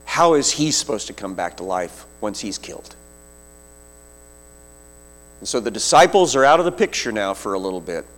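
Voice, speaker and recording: A man preaching a sermon, retelling a scripture story vividly with slow, deliberate phrasing. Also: on the low side, very animated, fairly bright tone.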